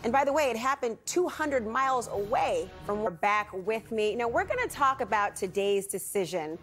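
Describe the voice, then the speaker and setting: A woman's voice: fairly high pitch, lively intonation, normal speed, fairly bright tone, faint music behind. A woman anchoring a television news show, presenting a legal story with pointed, emphatic delivery and rhetorical questions. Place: television studio.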